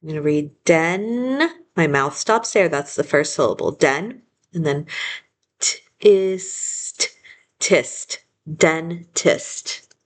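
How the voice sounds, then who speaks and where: A woman teacher giving a phonics lesson, slowly sounding out each word syllable by syllable and modeling the spelling aloud. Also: low voice, expressive. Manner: slow and deliberate, sounding out syllables.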